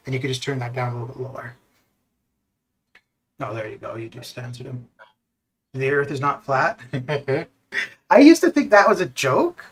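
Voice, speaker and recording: On Discord voice chat, a Canadian man streaming a game chats casually, rambling with lots of laughter and restarts. His voice runs a bit bright and on the high side.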